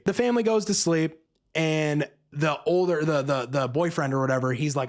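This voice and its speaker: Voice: medium pitch, expressive, moderate pace. A movie reviewer ranting casually and sarcastically, swearing freely and acting out characters in passing. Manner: profane, exasperated, sarcastic; acts out characters mid-rant.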